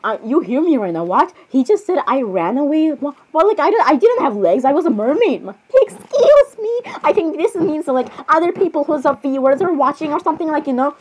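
A woman chatting in a playful role-play reaction, giggly and excitable, often apologizing. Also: high-pitched, fairly quick, hardly any pauses, low-quality recording.

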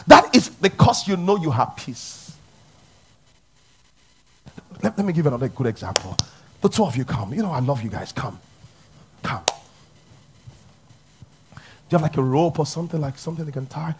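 A man preaching a sermon, shifting from loud exclamations to hushed, intimate speech. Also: on the high side, expressive, brisk, creaky, slightly rough. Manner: dramatic swings between shouting and hushed speech. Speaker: pastor.

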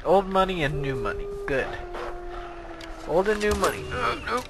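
A young man playing a video game and commenting in a sarcastic, excitable, self-mocking way. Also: high voice, moderate pace, creaky, loud music behind the voice, poor audio. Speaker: gaming video host. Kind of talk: let's play commentary.

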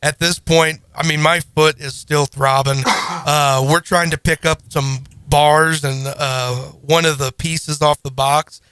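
Male podcast host in his thirties, bright voice pitched slightly high, animated storyteller; close, dry mic. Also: slow pace, a little hiss or hum. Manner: animated, self-deprecating, acts out his own panic. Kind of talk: casual storytelling.

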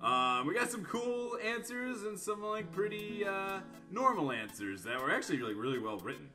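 A man doing let's-play commentary, reading answers aloud in animated voices and laughing often. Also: high-pitched, normal speed, soft background music. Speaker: gaming YouTuber.

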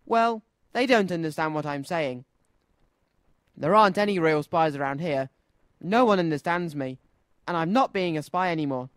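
A man's voice: on the high side, expressive, moderate pace, no echo, close to an everyday voice. A man voicing an eager little girl who plays at being a spy, in a children's radio story. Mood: sulky.

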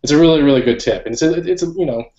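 A man hosts a relaxed chat show and talks quickly, with rapid words piling into loose, slangy rambles. His voice sits in a middle range and sounds dull and lo-fi. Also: on the high side. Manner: fast, rambling, laid-back slang. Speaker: host. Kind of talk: casual chat.

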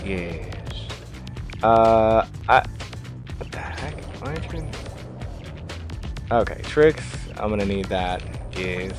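Low-voiced man, lively gameplay commentary. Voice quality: excitable, swings between mutters and shouts. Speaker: gaming YouTuber. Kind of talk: casual let's play commentary. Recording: game music behind.

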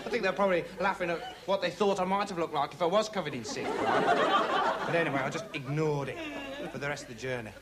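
A man's voice: fairly high pitch, quick pace, a loud crowd, lightly acted. A man playing a dim young would-be investigator who rambles earnestly, padding every sentence with "like" and "right". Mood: earnest rambling. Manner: meandering, earnest, full of 'like' and 'right'. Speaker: comic investigator character. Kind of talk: rambling comic monologue to camera. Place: TV studio before a live audience. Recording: TV studio with audience laughter and noise.

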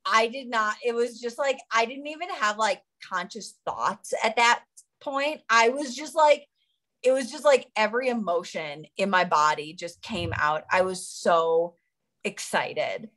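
A young American woman, an Olympic runner, chats casually as an interview guest in a high-leaning, slightly bright voice at a somewhat slow pace. She is bubbly and giggles often, peppering her speech with "like."

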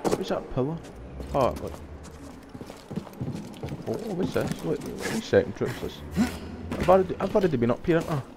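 Excitable, swearing young man gaming. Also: fairly high pitch, normal speed, long pauses, background noise. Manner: swearing, excitable outbursts and shouts while playing. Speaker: gamer playing a video game. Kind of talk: casual gameplay commentary.

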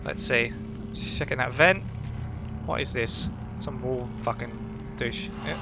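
A man hosting a casual let's-play from home, excitable, jumpy and heavily profane. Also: mid-range voice, takes it slowly, heavy background noise. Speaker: gaming channel host.

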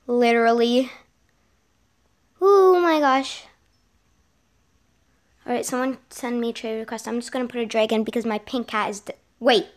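A young girl giving excited commentary while playing a game at home, often repeating exclamations. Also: a little high. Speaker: gaming vlogger. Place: home with a sibling gaming nearby.

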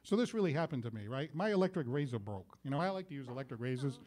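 A man's voice: mid-range voice, sing-song, fast talker, darkish tone. A man hosting a variety show, telling jokes and laughing at them, then announcing sponsors like a showman. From Portuguese heritage.

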